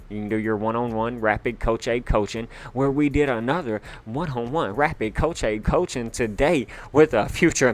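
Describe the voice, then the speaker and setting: Hyped, chatty male livestream host. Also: fairly low pitch. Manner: hyped, chatty, full of fillers. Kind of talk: casual livestream chat.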